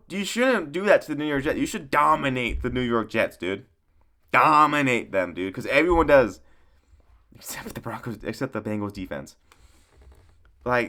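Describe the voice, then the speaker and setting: Animated young man ranting about football. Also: medium pitch. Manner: swearing, rambling, self-correcting; excitable outbursts. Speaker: sports commentator. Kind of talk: casual solo sports commentary.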